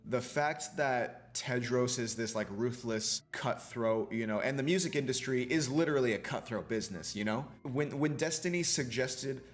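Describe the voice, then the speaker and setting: A man's voice: mid-range voice, normal speed, hardly any pauses. A man, a film student, reviewing a TV show in a casual, profane rant full of fillers. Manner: profane, ranting, many fillers like "you know".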